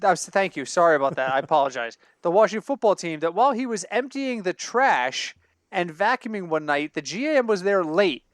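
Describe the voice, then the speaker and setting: A man's voice: high-pitched, fairly quick, no echo. A man co-hosting a sports podcast in casual banter, telling long rambling stories and correcting himself as he goes. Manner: rambling, animated storytelling with self-corrections. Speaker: podcast co-host. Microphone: home computer mic over online call.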